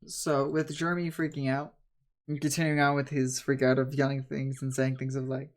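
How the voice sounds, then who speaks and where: A man's voice: mid-range voice, monotone, moderate pace. A man narrating a tabletop game as its game master, loose and rambling with many fillers.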